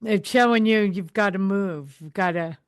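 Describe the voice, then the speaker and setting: A woman hosting a podcast chats casually with her guest, offering frequent small affirmations and sharing her own view. Her voice is mid-pitched and sounds close and dry, with no room echo. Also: normal speed, clean tone. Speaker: podcast host. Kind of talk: casual interview chat.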